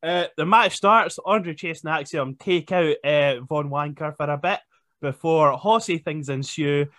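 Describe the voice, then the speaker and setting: A man's voice: fairly high pitch, a little slow, fairly bright tone, dry recording, clean studio sound. A man hosting a podcast in casual chat, joking and laughing often. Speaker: podcast host.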